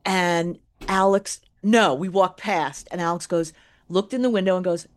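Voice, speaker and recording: A woman co-hosting a radio show, telling anecdotes in a lively, animated way. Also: lowish voice, unhurried. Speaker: radio co-host. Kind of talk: casual radio chat.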